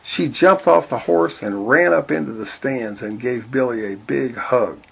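A man reading a children's-style story aloud in a deadpan, matter-of-fact way. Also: medium pitch, measured pace, creaky, husky. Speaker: narrator.

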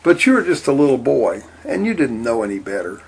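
A man voicing a blunt, self-centered father in a read-aloud story, gruff and dismissive. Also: mid-range voice, sing-song, a little fast, exaggerated voice.

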